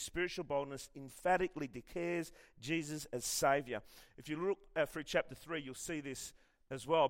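Animated Australian pastor preaching. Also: male voice, a little high. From Western Australia. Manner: conversational, animated, self-deprecating humour. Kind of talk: sermon with personal stories.

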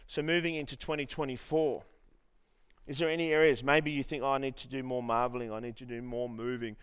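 A man's voice: medium pitch, clear, resonant tone. A man preaching a sermon, telling a story with many restarts and then leading the congregation in earnest prayer. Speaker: pastor.

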